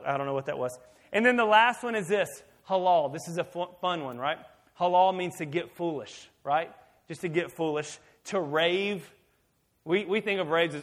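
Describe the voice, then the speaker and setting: A man preaching a sermon as pastor, swinging from hushed, intimate talk to loud, emphatic shouting. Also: sits high, normal speed.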